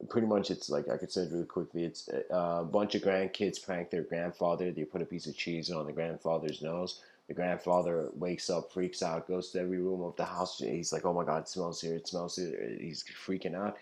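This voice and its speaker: A man's voice: sits low, steady tone, moderate pace, a little mellow. A man giving an informal philosophy lecture, rambling and laughing often, acting out the voices in his stories.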